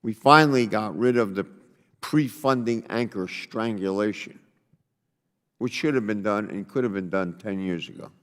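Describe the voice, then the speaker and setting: A congressman from New Jersey giving a prepared statement at a hearing in a measured, deliberate way. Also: on the low side, a bit bright. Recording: long reverb of a hearing room.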